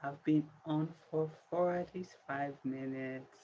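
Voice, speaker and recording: A woman's voice: a bass voice, measured pace, pauses often, mellow, dull audio, a little hiss or hum. A tired woman vlogger chatting casually on a livestream, pleading with viewers and drawing out her words.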